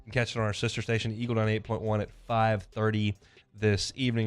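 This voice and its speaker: A man's voice: lowish voice, smooth. A man hosting a sports talk radio show, chatting casually and giving blunt opinions with a conversational back-and-forth.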